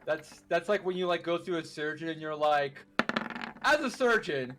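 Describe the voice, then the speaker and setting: A man playing a tabletop game, cracking quick jokes. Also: on the high side, little pitch movement, background noise. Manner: joking, quick quips and laughter. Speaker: player. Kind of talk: casual tabletop play.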